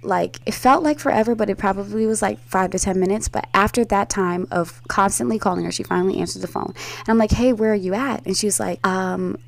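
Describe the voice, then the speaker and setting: A woman telling a long story in a casual chatty way, acting out the quoted voices with big jumps in pitch and swearing freely. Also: fast, vocal fry. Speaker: storyteller recounting a trip.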